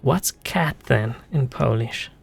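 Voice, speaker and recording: A man talks through his gameplay in a casual, rambling way, wandering into musings about words. His voice has a gravelly, creaky edge. Faint music plays underneath. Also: mid-range voice, animated, slow. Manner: musing, chatty, wanders off on tangents. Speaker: streamer.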